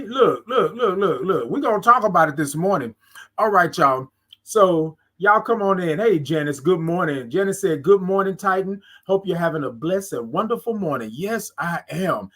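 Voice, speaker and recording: A man hosting a casual morning livestream, greeting viewers by name with drawn-out sing-song hellos and lots of "y'all" on a close mic. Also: high voice, fairly bright tone, slightly rough. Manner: Southern US vernacular, "y'all". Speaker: livestream morning show host. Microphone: close mic, moved nearer.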